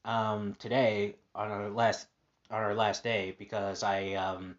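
Upbeat rambling man, low dull sound. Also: flat delivery, takes it slowly. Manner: rambling, many fillers and restarts; upbeat, positive. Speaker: podcast host. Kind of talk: casual personal monologue.

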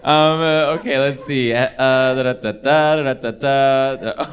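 A man's voice: medium pitch, steady tone, a little slow, smooth. A man co-hosting a podcast, reading an interview aloud in casual chat and breaking into giggles as he goes. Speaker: podcast co-host.

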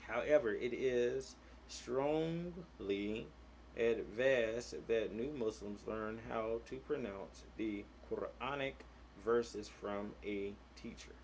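A man gives a slow, unhurried religious lesson, stretching out each recited verse before explaining it in English. His voice sits at an ordinary middle pitch. A faint hiss of background noise runs under the recording. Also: darkish tone. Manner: recites Arabic verses slowly, then translates to English. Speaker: Muslim religious teacher.

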